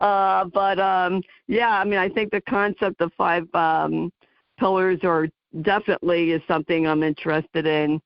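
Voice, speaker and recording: A woman with a New Jersey accent hosting a talk radio interview, halting and full of ums and you knows. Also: fairly low pitch, steady tone, no echo, dull audio. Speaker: host.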